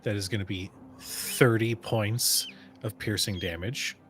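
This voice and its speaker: A man narrating as game master of a tabletop game, in a relaxed, measured way with fillers. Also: on the low side, over music.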